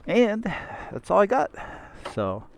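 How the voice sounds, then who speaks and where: A man's voice: high voice, takes it slowly, creaky, slight background noise. A man giving a casual motorcycle walkaround vlog outdoors, rambling with many fillers and a dry, coughing throat. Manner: rambling, relaxed, lots of fillers. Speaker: motorcycle vlogger.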